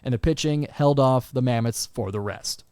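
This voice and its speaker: A young man hosting a solo sports podcast, recapping games and then ranting in an animated, exasperated way. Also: medium pitch, moderate pace, clean tone, dry recording, clean studio sound. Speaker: podcast host.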